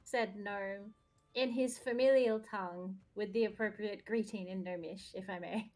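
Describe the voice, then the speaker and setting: A woman's voice: mid-range voice, steady tone, normal speed, a little mellow, soft background music. A woman playing a tabletop game, speaking politely with stammering restarts. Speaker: player. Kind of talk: casual in-character banter.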